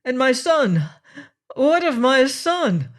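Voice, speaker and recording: A man's voice: sits high, animated, measured pace. A man voicing a bewildered Spanish pirate captain, a prisoner who exclaims in alarm and anguish. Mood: frantic.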